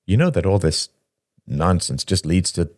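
A man's voice: deep voice, expressive, normal speed, darkish tone, no echo, clean studio sound. A man voicing an agitated young man who presses his brother insistently.

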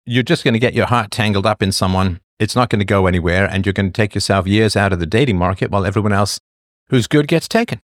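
A man's voice: on the low side, quick pace, dry recording, clean studio sound. A middle-aged man hosting a casual livestream, chatting, laughing and giving blunt advice to viewers. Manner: chatty and blunt, laughs often, drifts off topic. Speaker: livestream host answering viewer questions. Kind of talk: casual chat.

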